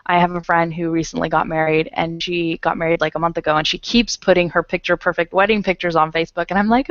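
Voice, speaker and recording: A woman's voice: lowish voice, little pitch movement, moderate pace, no room sound. Chatty woman teacher on a muffled call. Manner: chatty, rambling, laughs often. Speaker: English conversation teacher. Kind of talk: casual online class chat. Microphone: earphone headset on a video call.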